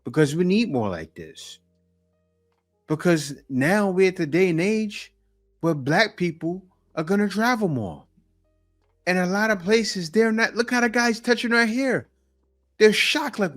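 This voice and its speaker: A man talks through his reactions to video clips, emphatic and a bit preachy. His voice sits fairly high and swings up and down a lot. He takes his time, and soft music plays underneath. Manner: animated, preachy, slow and emphatic. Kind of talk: casual commentary.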